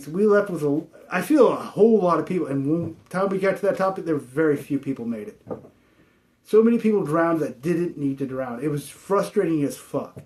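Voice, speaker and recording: A man's voice: on the high side, a little mellow. A man giving a frustrated, rambling spiritual monologue full of swearing.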